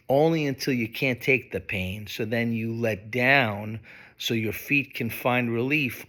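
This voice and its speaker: A man preaching a sermon, slow and emphatic, with dramatic pauses. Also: mid-range voice, sharp tone. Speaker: pastor.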